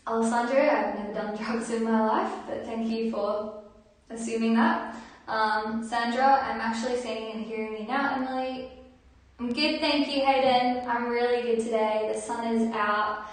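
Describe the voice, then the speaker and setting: A woman's voice: on the high side, fairly even intonation, normal speed. A woman, a singer chatting casually on her livestream and reading out viewer comments in a friendly, filler-filled way. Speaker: singer hosting a livestream concert. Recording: very echoey room, far from mic, guitar.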